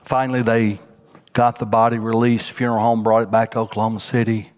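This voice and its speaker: A man preaching a sermon as senior pastor, dropping to a hushed near-whisper on tender points and rising in pitch as he tells a story. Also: little pitch movement, fairly quick.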